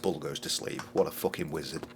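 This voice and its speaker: A man's voice: a bass voice, fairly even intonation, fairly quick, creaky, a little hiss or hum. A man in his thirties streaming a game, rambling and joking with lots of swearing. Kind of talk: casual game stream commentary.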